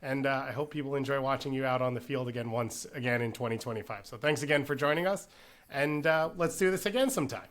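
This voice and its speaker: A man's voice: mid-range voice, quick pace, a bit bright. A man co-hosting a casual soccer interview podcast, joking and wrapping up in a friendly way. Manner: jokey, friendly wrap-up. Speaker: podcast co-host.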